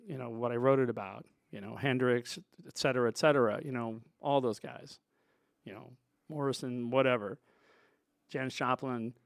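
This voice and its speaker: A man's voice: medium pitch, fairly even intonation, moderate pace, vocal fry, no room sound, natural voice. Laid-back male rock guitarist, quoted by a man, easygoing, dry close sound.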